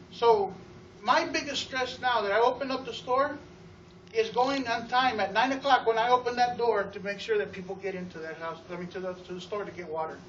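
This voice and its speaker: A man giving an energetic testimonial to a live audience about running his store, telling stories with acted-out quotes and often repeating words. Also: high voice, slight background noise. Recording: roomy, distant, dull sound.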